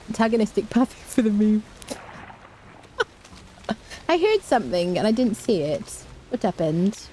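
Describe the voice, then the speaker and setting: A woman's voice: mid-range voice, animated, normal speed, long pauses, dark tone, a little hiss or hum. A woman streaming a video game with casual, chatty commentary, humming little tunes as she plays. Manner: chatty and playful, hums tunes while playing. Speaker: gaming streamer. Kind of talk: casual let's-play commentary.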